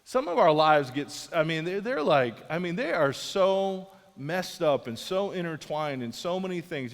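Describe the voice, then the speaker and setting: Male pastor, earnest and conversational, trips over his restarts, voice sits high, long church-hall reverb. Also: sing-song, moderate pace, hardly any pauses. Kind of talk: sermon. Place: large church auditorium.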